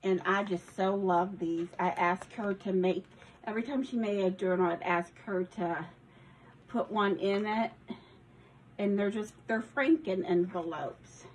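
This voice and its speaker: A woman's voice: medium pitch, fairly even intonation, unhurried, a little hiss or hum, low-quality recording. A woman casually showing a handmade journal from her craft shop, rambling with ums and small self-corrections. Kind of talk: casual craft video walkthrough.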